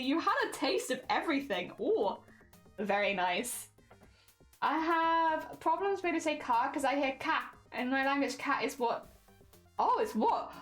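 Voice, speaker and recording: A young woman chatting casually on a livestream, giggly and reading chat aloud. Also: sits high. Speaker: streamer.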